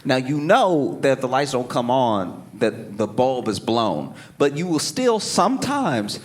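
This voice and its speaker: A man's voice: mid-range voice, sing-song, a little slow. A male stand-up comedian telling a story on a club stage and acting out his own inner voice. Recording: live club recording with audience noise.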